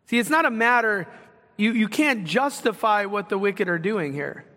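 High, bright-voiced male preacher. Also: expressive, moderate pace. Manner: emphatic, rhetorical questions. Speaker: pastor. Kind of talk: sermon. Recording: long hall reverb.

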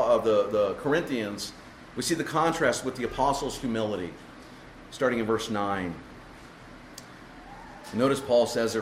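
A man's voice: medium pitch, slight background noise. A man preaching an expository sermon, explaining the text emphatically and asking the congregation rhetorical questions. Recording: echoey room with faint ambience.

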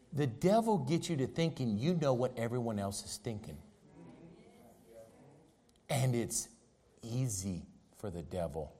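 Lively, slow-preaching man. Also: mid-range voice. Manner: emphatic, repetitive, swings from loud to soft. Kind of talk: sermon.

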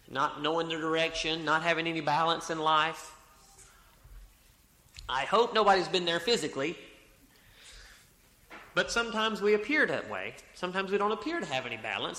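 A man's voice: a little high, sharp tone. A man preaching a sermon in a church, reading scripture aloud and repeating his phrases. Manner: repeats phrases, reads scripture aloud, corrects himself mid-sentence. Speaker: pastor. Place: church sanctuary. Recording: echoey church hall.

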